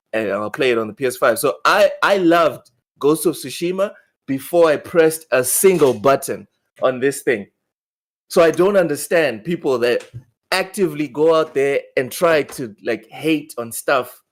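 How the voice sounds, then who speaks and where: A man's voice: medium pitch, normal speed. A man hosting a gaming podcast, talking casually in a mid-range voice. He restarts and repeats words as he goes. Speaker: podcast host.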